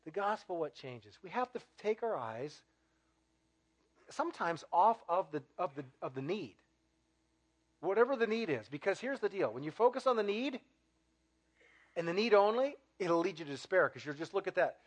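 A male pastor delivers a live sermon in a fairly high voice. He preaches with animated, rising emphasis, repeats phrases for effect, and slips in dry humor. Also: moderate pace, pauses often. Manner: wry humor.

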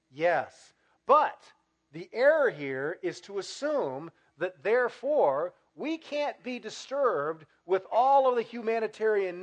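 Male pastor preaching, gets real animated, voice jumps high and low. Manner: animated, building to loud emphatic peaks. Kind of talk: sermon.

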